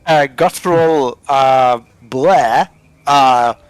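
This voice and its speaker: A man's voice: medium pitch, extremely slow, clear, resonant tone, dry recording. A man voicing a hungry, savage male monster with a guttural growling voice.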